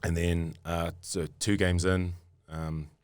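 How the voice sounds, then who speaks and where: A man's voice: low voice, little pitch movement, takes it slowly, clean tone, no echo. A man with a New Zealand accent telling stories on a podcast, rambling with many fillers and restarts. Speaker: guest rugby player. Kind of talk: casual podcast storytelling.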